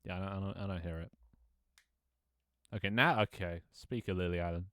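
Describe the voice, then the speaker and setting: A man with an English accent talks casually to his stream in a lowish voice. He rambles, jokes and swears freely. The sound is close and dry, with no room around it. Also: fairly quick, a bit bright, clean tone, dry recording. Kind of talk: casual live-stream chat.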